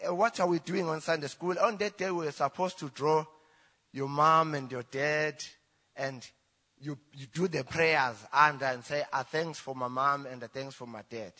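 A South African man whose first language is Zulu, telling his personal testimony in church in halting English with restarts. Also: on the high side, pushed and bright. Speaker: church member giving testimony. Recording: reverberant church hall.

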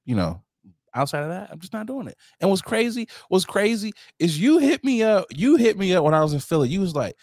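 This Detroit man's voice sits high and moves fairly quickly as he co-hosts a relaxed podcast. Laughing often, he animatedly recounts his travels and performs what others said. The sound is dry and studio-clean.

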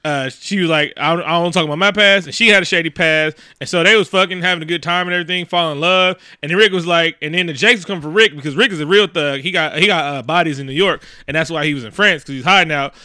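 A man's voice: on the high side, bright, forceful tone, clean tone, no echo, clean studio sound. A man casually recapping an old film for laughs, profane and joking, acting out the characters as he goes. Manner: profane, joking, acts out characters in quick voices. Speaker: podcast co-host recapping a film. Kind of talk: casual comedic movie recap.

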